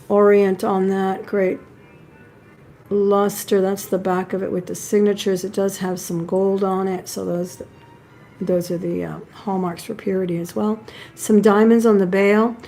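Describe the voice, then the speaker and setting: Selling jewelry on a live stream, this woman speaks in a medium-pitched, dark voice. Her manner is chatty and admiring as she talks through each piece she holds up.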